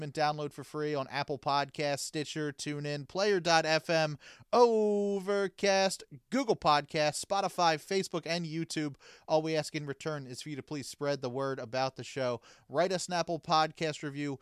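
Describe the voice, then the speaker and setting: Casting: podcast host man, smooth clear voice, dry close sound, upbeat outro patter. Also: mid-range voice, no room sound. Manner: upbeat, runs through plugs and thanks. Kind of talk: casual chat and show outro.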